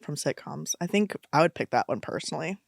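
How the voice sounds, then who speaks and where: A woman's voice: sits low, lively intonation, fairly quick, creaky, no echo, clean studio sound. A woman co-hosting a casual chat, joking and wry. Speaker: podcast co-host.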